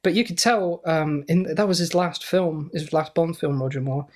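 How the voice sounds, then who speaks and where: A man's voice: on the high side, normal speed, a little mellow. A man co-hosting a podcast in casual banter, hesitant and giggly with many fillers. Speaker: podcast co-host.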